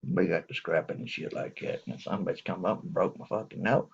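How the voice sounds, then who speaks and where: Deep gravelly guy telling a crude rambling story, husky, lo-fi sound. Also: brisk. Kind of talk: profane comic storytelling monologue.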